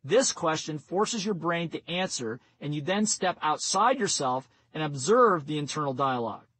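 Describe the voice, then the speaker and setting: A man narrating a nonfiction audiobook in a steady, instructive reading voice. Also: a little high, normal speed, no echo, low-quality recording. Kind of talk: scripted narration.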